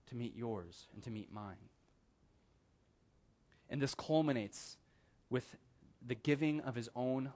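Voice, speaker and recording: A man preaching a sermon as pastor, earnest, slowing down on key phrases and calling the listeners friends. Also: mid-range voice.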